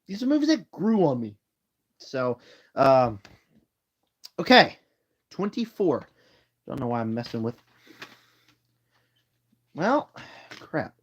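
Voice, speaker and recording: A man's voice: medium pitch, very animated, slow, pauses often, highs cut off. A man casually chatting on a live stream at home, ranking movies in a tired, rambling way with yawns. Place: home room. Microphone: phone.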